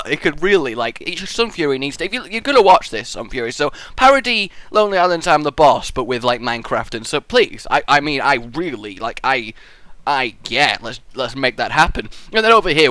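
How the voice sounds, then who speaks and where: A man hosting a building contest and giving live game commentary, full of goofy rambling tangents and excitable outbursts. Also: medium pitch, a little fast, no echo.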